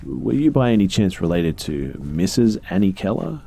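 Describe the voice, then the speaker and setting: A man's voice: deep voice, big pitch swings, normal speed, gravelly, mellow, husky, full character voice. A man voicing a coldly polite professor who speaks with patronizing, courteous menace. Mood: smooth, menacing. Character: coldly polite male professor experimenting on a captive.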